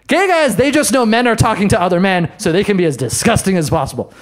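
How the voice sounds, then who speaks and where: A man doing a stand-up set in a comedy bar, brash and self-mocking, with quick asides to the crowd. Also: high voice, expressive. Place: comedy bar in front of a live audience.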